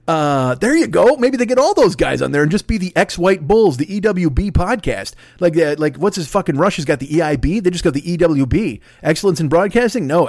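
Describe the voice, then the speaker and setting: A man's voice: fairly high pitch, darkish tone, dry recording, clean studio sound. A man hosting a podcast in a casual comedic rant, profane, sarcastic and rambling, talking into a microphone. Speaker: podcast host.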